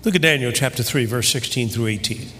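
A man preaching a sermon with fervor, reading scripture and building up to shouted, rising climaxes. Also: medium pitch, a little fast. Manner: fervent, building to shouting crescendos. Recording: long hall reverb.

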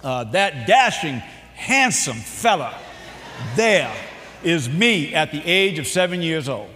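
With a fairly high, sing-song voice and a Boston accent, a middle-aged keynote speaker from New Bedford, Massachusetts tells jokes and personal stories in a public speech. His manner is warm and joking, punctuated by dramatic pauses and many "uh" fillers. The recording has a long hall reverb.

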